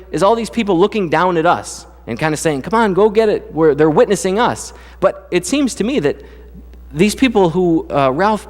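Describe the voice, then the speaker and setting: A man's voice: high-pitched, long reverb tail. A man preaching a casual, conversational sermon as the pastor, telling jokey stories from his life. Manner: casual, joking storyteller. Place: church sanctuary.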